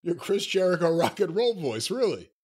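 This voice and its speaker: A man co-hosting a podcast, a straight man who teases his partner dryly. His voice sits somewhat high and moves with lively pitch. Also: moderate pace, husky. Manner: dry teasing, straight man. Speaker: podcast co-host. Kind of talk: casual chat, reading ratings.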